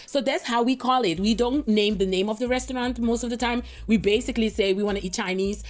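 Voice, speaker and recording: A woman's voice: on the high side, expressive, fast talker, few pauses. Chatty woman, Papiamento native speaker. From Dutch Caribbean. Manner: chatty, rambling, asks "you understand?" often. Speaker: reaction video host. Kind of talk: casual commentary to viewers.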